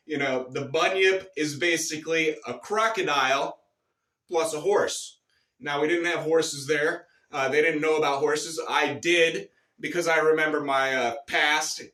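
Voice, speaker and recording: A man telling a rambling, profane and boastful absurd story in a deadpan comic monologue. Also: a little high, measured pace, echoey room, recorded from a distance. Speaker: comedic storyteller.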